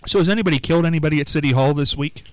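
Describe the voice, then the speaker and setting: Joking radio host, fairly high voice. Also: male voice, rapid-fire, no room sound, rough recording. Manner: joking, teasing banter. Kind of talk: casual live radio chat.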